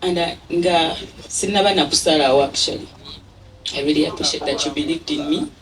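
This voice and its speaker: A woman's voice: low-pitched, a little fast. A woman with a Ugandan accent giving an emotional thank-you speech at an event. She laughs often and mixes English with Luganda. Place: event venue. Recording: distant mic with a crowd behind.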